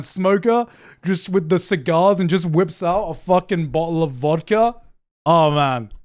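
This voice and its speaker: Young man, streamer, casual reaction chat, slightly high voice, excitable, sweary, repetitive. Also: smooth. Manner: excitable, swears freely, repeats and restarts words, laughs often. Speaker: streamer reacting to anime news.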